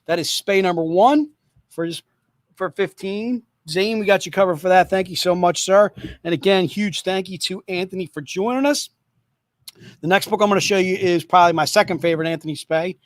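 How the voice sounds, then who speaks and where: A man with a fairly high voice runs a livestream comic book sale. He talks in an upbeat, repetitive hawking style with joking asides. The sound is dry and close, with little room. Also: fairly quick, dry recording. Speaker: host selling comic books. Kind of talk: livestream sales pitch.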